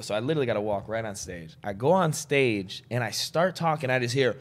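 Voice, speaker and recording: A young man from Chicago, a comedian guest on a podcast, telling a story in a loose, profane, animated way. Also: medium pitch, fast talker. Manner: animated, profane, acts out voices in his stories.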